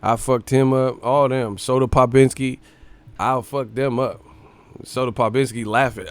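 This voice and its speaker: A young man hosting a casual boxing live stream, talking loosely and profanely, now and then doing quick impressions. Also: mid-range voice, clear, resonant tone. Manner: profane, animated, slips into impressions.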